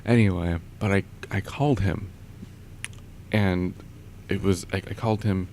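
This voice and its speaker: A man's voice: low voice, fairly even intonation, a little slow, darkish tone, slight background noise. A young man vlogging, telling a rambling story in a casual way with lots of fillers and frequent chuckles.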